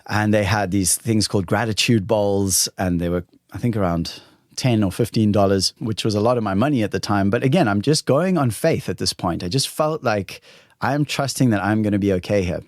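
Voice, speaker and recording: A man in his thirties hosting a solo podcast, telling a personal story in an animated, excited way and acting out the dialogue. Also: lowish voice, brisk, dry recording, studio quality. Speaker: podcast host.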